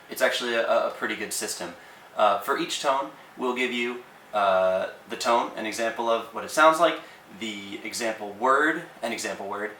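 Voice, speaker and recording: Male tutor, casual and chatty, bright tone, roomy distant sound. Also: medium pitch, a little hiss or hum. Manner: relaxed, with frequent ums and uhs. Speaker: language teacher. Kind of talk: casual explanatory lesson.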